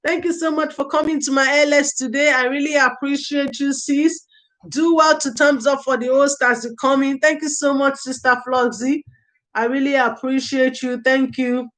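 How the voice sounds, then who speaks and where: On her casual early years parenting livestream, this woman speaks in a high, slightly bright voice with fairly even intonation and normal speed. She reads comments out, thanks viewers by name, and gives sincere advice that circles back to the same key phrases, all over a rough recording.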